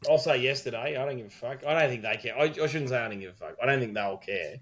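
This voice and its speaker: A middle-aged Australian wedding celebrant co-hosting a podcast talks fast and animated in a mid-range, slightly bright voice. In casual storytelling chat, he rambles through a tale packed with quoted dialogue and swearing.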